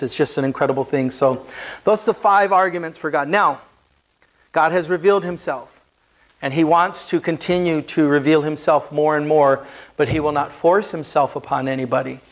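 A man preaching a sermon as pastor, earnest and building emphasis as he explains scripture. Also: fairly high pitch.

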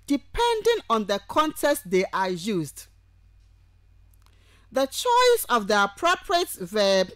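Her high, fairly bright voice comes through a dry recording from a radio studio. She's a university lecturer giving a grammar lecture on air, going over examples a single word at a time. She takes it slowly and deliberately, naming each example separately.

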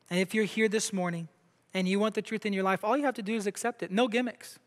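Man from brazil preaching in a church, pretty high voice, lots of hall echo. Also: fast talker. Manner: emphatic preaching, asks the crowd questions. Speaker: pastor. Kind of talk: sermon. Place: church sanctuary. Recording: long hall reverb.

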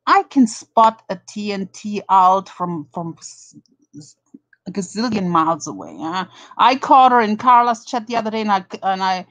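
Here the German-accented streamer speaks at medium pitch with lively intonation, a moderate pace and a slightly bright tone; the recording is lo-fi with no room sound. Hosting her live drama commentary, she says hello to chatters one at a time and ridicules rivals, cursing a lot.

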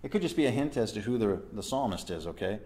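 A man's voice: on the low side, lively intonation, fast, mellow. A man leading a church Bible study. He reads verses aloud, explains them and asks his listeners questions.

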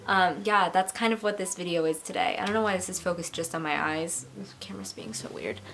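A woman's voice: on the low side, fairly quick, gravelly, fairly bright tone. A young woman talking casually to camera in a chatty, giggly, self-mocking way. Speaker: YouTuber. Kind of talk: casual vlog bloopers.

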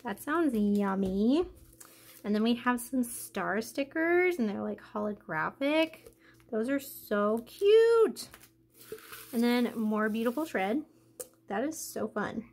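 A woman hosting a craft unboxing vlog, gushing and excitable, filling her talk with "like" and getting emotional and out of breath. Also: fairly high pitch, unhurried, vocal fry. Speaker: craft channel host.

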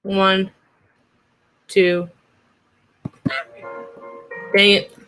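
A woman's voice: medium pitch, completely flat delivery, drawn-out words, fairly bright tone, soft background music, low-quality recording. A woman streaming a video game, joking and teasing as she plays, with sudden silly voices. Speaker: streamer playing a goose game. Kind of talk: playful let's-play commentary.

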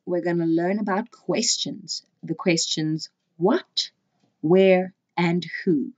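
A woman's voice: fairly low pitch, fairly even intonation, slow pace. A woman teaching a beginners' language lesson, patiently repeating each word so learners can say it with her. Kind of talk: slow, clear language lesson. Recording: slightly dull, muffled audio.

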